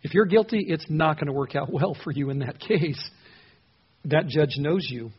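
A man with a somewhat raised, husky voice teaches a Bible passage in a conversational way. He asks his listeners questions and repeats words as he thinks aloud. The recording sounds muffled and lo-fi. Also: a little high, moderate pace. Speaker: pastor.

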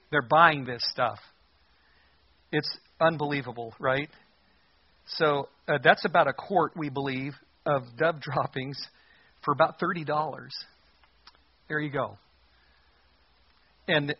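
Husky man teaching scripture, wry. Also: on the high side, muffled recording. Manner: conversational, wry asides, emphatic bursts. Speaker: Bible teacher. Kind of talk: casual Bible teaching.

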